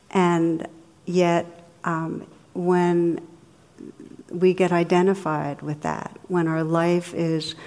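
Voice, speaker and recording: A middle-aged woman, a meditation teacher, giving a dharma talk and telling funny stories with a laugh in her voice. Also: fairly low pitch. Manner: warm storytelling, laughs at her own jokes. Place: meditation hall with audience.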